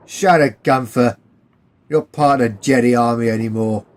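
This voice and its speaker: A man's voice: medium pitch, animated, darkish tone, husky. A man voicing a cocky, brawling young English soldier who swears freely. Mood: brash. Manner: brash, swearing, quick-tempered.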